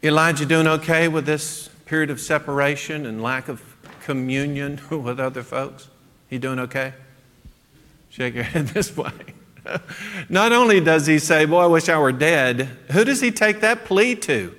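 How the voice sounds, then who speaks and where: A man's voice: a little high, normal speed, a bit bright. A man teaching a midweek Bible class, conversational, chuckling and asking the class questions, in a church classroom. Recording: echoey hall.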